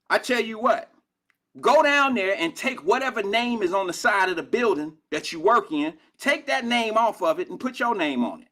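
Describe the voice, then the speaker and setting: A man's voice: high-pitched, big pitch swings, normal speed, sharp tone. A middle-aged man from Cincinnati hosting a live call-in show, ranting in a fiery, profane and confrontational way at his critics. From Cincinnati, USA. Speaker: talk show host.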